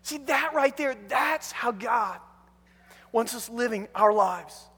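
A man preaching a sermon as a pastor, telling the story in an animated way with many restarts. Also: extremely high pitch, takes it slowly, breathy edge, big-room sound.

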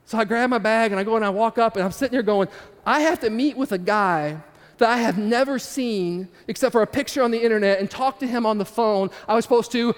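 A man's voice: high-pitched, fairly quick, clear, resonant tone, in a large hall. A man telling a personal story in a casual, conversational way, turning to the audience with asides. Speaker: speaker addressing an audience. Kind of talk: storytelling sermon.

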